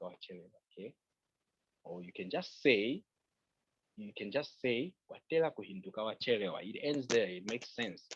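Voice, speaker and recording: A man's voice: lowish voice, slightly rough, dry recording, muffled recording. A man from Zambia with a Zambian accent, teaching an online language class, patiently repeating phrases and checking in with "okay?".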